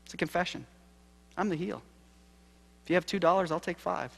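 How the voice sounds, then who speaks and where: A man giving a sermon-style keynote, telling a story with acted quotes and swinging from loud to hushed. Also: high-pitched, steady tone, a little fast, gravelly. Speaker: keynote speaker. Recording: live lecture hall reverb.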